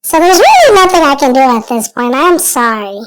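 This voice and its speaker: A man putting on a squeaky falsetto voice for a character in a joke he is telling. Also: huge pitch swings, moderate pace, background noise, full character voice. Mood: apologetic.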